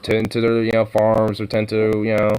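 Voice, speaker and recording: A man's voice: fairly low pitch, monotone, moderate pace, darkish tone, clean tone, poor audio. A man in a casual, rambling monologue, swearing a lot and full of fillers.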